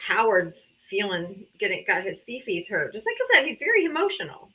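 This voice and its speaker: A woman's voice: medium pitch, wildly swooping pitch, fairly quick, pushed and bright, low-quality recording. A woman hosting a live political debate stream, teasing her callers and laughing often. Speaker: livestream debate host. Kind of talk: casual livestream talk. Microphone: streaming setup.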